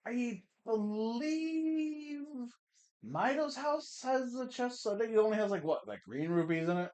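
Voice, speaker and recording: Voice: mid-range voice, expressive, fairly quick, a little mellow. A let's-play gamer chatting casually through a playthrough, wry and swearing now and then. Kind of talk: casual game commentary.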